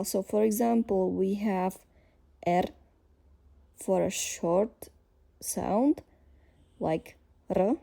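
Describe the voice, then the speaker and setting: A woman with a Slovak accent teaching a language lesson, explaining slowly with frequent fillers and pauses as she thinks aloud. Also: mid-range voice, gravelly, dark tone.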